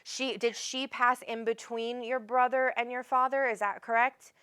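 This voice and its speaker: A woman's voice: on the high side, fairly even intonation, moderate pace, a bit bright, smooth. Chatty woman medium, calls people honey. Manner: rambling, self-interrupting, casual swearing. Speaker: psychic medium host. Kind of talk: live spirit reading.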